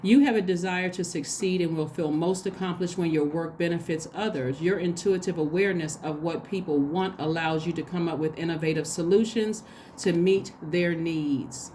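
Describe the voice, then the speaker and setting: A woman giving a casual spoken tarot reading, chatty and excitable, talking straight to her viewers. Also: on the low side, moderate pace, a little hiss or hum. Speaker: tarot reader.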